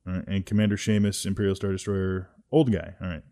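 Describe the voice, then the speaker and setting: Hesitant low-voiced man auditioning. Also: fairly even intonation, fast, hardly any pauses, mellow. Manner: hesitant, many fillers. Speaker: voice actor auditioning. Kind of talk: casual audition chat.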